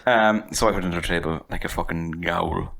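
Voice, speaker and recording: A man's voice: deep voice, fairly even intonation, brisk, gravelly, a bit bright. An Irish man co-hosting a podcast, chatting casually, joking and swearing a lot. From Ireland. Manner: sweary, jokey, laughs a lot. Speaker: podcast co-host. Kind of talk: casual chat.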